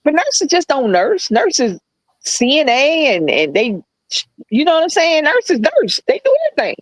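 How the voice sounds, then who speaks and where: A woman co-hosting a podcast, telling a story in a blunt, profane, animated casual chat. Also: high voice, moderate pace, no echo, rough recording. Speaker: podcast co-host.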